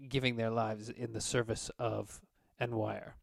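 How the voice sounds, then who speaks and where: A man voicing a formal human army commander who speaks with measured gravity in a tabletop game. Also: fairly low pitch, flat delivery, creaky, no room sound, studio quality, heavily acted. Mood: solemn.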